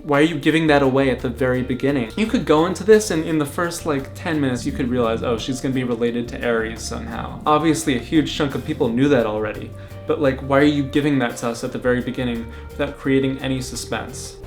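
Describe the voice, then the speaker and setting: A man's voice: medium pitch, quick pace, faint music behind. A young man reviewing a movie in a casual vlog rant, sarcastic and exasperated, breaking into mock character voices. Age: young adult.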